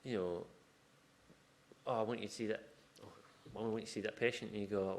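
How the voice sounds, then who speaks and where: A man's voice: on the low side, fairly even intonation, brisk, gravelly, a little hiss or hum. A man giving an informal conference talk, chatty and rambling, breaking off into asides and restarting his sentences. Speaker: conference speaker. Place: conference room.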